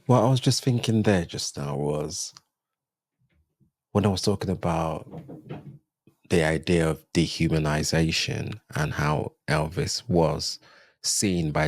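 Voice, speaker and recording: Man, low husky voice, dry close sound, reflective commentary, thinking aloud. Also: no echo. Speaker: reaction video host.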